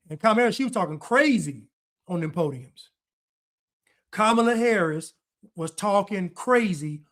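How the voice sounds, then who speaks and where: A man's voice: sits high, fairly bright tone. A man giving reaction commentary in a blunt, preachy way, repeating his points. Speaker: online commentator.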